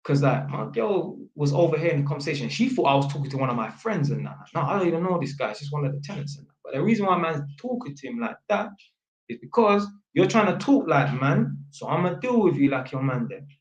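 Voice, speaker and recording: A man's voice: on the high side, sing-song, quick pace. A young man telling a story to camera in casual slang, acting out phone calls in quoted voices, sitting at home. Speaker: vlogger. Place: at home, sitting at a small table. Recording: echoey room.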